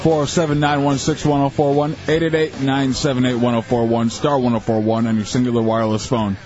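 A man's voice: mid-range voice, fairly quick, soft background music. A male radio co-host cracking jokes and jabs at a guest on the air. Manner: wisecracking, deadpan jabs. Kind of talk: radio show banter. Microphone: studio radio mic. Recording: dull noisy radio broadcast.

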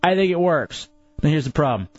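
A man's voice: on the high side, lively intonation, brisk, highs cut off, soft background music. A man hosting a talk radio show, opinionated and argumentative in casual banter.

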